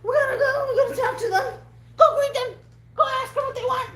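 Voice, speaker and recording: A woman voicing a frantic, pushy male boss who barks orders in a high, strained voice. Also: a little fast, a bit bright. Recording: echoey room with faint hum.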